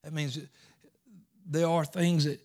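A man preaches a sermon in a fairly high voice. He climbs to loud, emphatic peaks, then drops to murmured asides, repeating words as he drives his points home. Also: level tone, unhurried. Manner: swings from shouting peaks to low asides, with repetitions.

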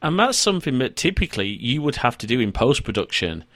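A man's voice: medium pitch, big pitch swings, fast, a bit bright, dry recording, clean studio sound. A man hosting an online interview, chatty and adding enthusiastic asides. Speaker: podcast host. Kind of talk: conversational interview.

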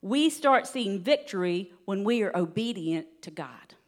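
A woman giving a sermon in an earnest, steady teaching manner, with light laughs now and then. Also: mid-range voice, unhurried. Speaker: preacher.

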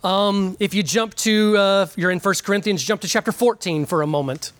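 A man's voice: sits high, fairly bright tone. A man preaching a sermon earnestly, with frequent "um"s, repeating key words for emphasis. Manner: pauses with frequent fillers.

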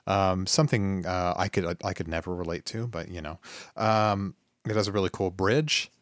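A man with a fairly low voice chats about music on a podcast, relaxed and full of ums. The sound is dry and close to the mic. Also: normal speed, no room sound. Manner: relaxed, hesitant, many fillers. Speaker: podcast co-host. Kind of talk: casual chat about music.

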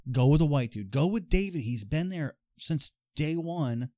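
A man's voice: on the high side, lively intonation, normal speed, mellow, no room sound. A man co-hosting a casual movie watch-along, telling trivia and making dry jokes. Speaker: podcast co-host.

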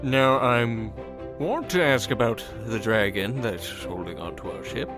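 A man voicing a calm, cautious male ship pilot in a level, dry manner. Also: fairly low pitch, unhurried, music in the background, lightly acted. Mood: wary.

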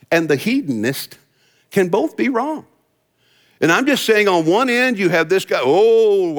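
A man preaching a sermon, telling a parable with lively emphasis and acting out the characters' lines. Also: on the high side. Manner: lively storytelling preacher, acts out quoted voices. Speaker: pastor. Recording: long hall reverb.

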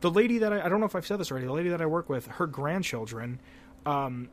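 A young man from Pennsylvania co-hosting a casual podcast, rambling and excitable and swearing a lot. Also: a little high, quick pace, a little hiss or hum. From Pennsylvania, USA. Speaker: podcast co-host.

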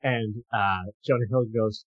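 A man's voice: mid-range voice, fairly even intonation, measured pace, no echo. Earnest young man, dull lo-fi sound. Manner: earnest and thoughtful, many ums and restarts. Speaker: podcast co-host. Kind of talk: casual film discussion.

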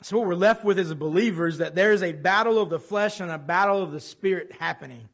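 Animated conversational male preacher. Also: high voice, fast talker. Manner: conversational and animated, with personal stories. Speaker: pastor. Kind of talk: sermon.

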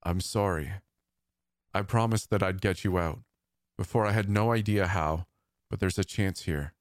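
A man voicing a frightened but resolute male guard who gently coaxes and then presses a scared boy. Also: low-pitched, normal speed, dry recording, studio quality, lightly acted. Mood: coaxing. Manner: earnest, coaxing, grows firm. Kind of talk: storytelling narration with acted dialogue.

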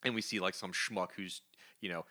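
A man co-hosting a comic book podcast, retelling stories with lively, acted-out character lines. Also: deep voice, normal speed. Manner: animated storyteller, acts out characters' lines. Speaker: podcast co-host. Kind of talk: casual comic book review chat.

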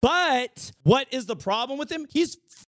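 A man giving a casual vlog movie review, slangy and animated, at times bursting into shouts. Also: extremely high pitch, measured pace, no echo, studio quality.

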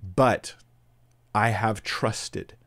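A man's voice: fairly low pitch, fairly even intonation, extremely slow, fairly bright tone. A man giving an informal Bible teaching in a conversational way, thinking aloud with fillers and restarts. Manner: reads scripture with rising emphasis. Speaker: preacher.

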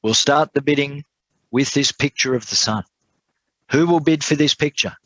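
A man's voice: medium pitch, moderate pace, fairly bright tone, dry recording, pitched above the performer's own voice, lightly acted, low-quality recording. A man voicing a persistent male auctioneer who keeps repeating his call for bids. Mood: insistent.

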